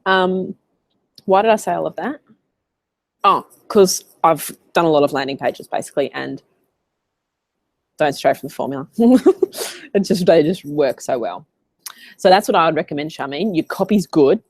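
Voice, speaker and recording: A woman's voice: low-pitched, normal speed, pauses often, no room sound. Chatty Australian woman coaching. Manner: chatty, animated storyteller. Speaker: business coach. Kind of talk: casual live Q&A coaching.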